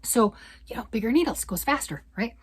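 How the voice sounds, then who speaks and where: Chatty older woman, husky voice. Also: fairly high pitch, expressive, fairly quick. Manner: chatty, rambling, often asks "right?". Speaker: yarn vlogger. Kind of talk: casual chat.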